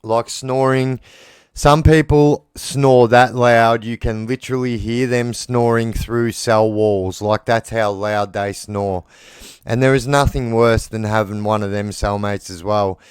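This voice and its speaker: An Australian man talks in a loose, rambling monologue, blunt and casually profane. His voice is very smooth and resonant, at an ordinary pitch for a man. The recording is dry and close. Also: fairly even intonation, unhurried, no room sound. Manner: blunt, rambling, swears freely. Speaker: former prisoner telling stories.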